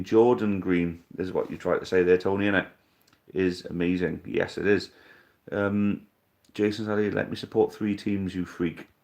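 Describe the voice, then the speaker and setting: A man in his thirties hosting a live stream, casually reading out viewer comments and answering in a blunt, jokey, sweary way. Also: lowish voice. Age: 30s. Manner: laid-back, blunt and jokey, swears freely.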